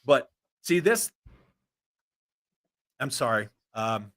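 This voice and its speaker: Guy ranting and cussing while reading comments, lively bright voice. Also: medium pitch, extremely slow. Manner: profane, animated ranting. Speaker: host. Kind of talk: casual chat reading viewer comments.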